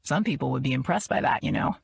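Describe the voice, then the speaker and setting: A woman voicing a suave, wealthy man with a smooth, cultured and dry manner. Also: extremely low pitch, expressive, fast talker, pitched below the performer's own voice, full character voice. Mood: dry teasing.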